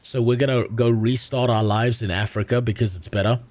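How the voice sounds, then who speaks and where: A young adult man streaming a game, chatting casually in a rambling way with crude deadpan jokes. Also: medium pitch, a little fast. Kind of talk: casual chat while gaming.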